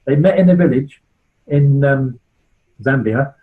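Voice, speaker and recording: A West Country man in his sixties speaks at a measured pace in a medium-pitched voice, the sound phone-quality. He founded a charity and is chatting informally to a club, sharing anecdotes and dropping in "right?" to check his listeners are with him.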